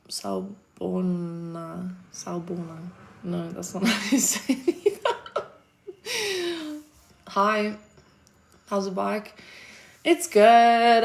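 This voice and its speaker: A woman's voice: on the low side, gravelly. A South African woman chatting casually on a livestream, answering her chat with a laid-back manner, frequent laughs and casual swearing.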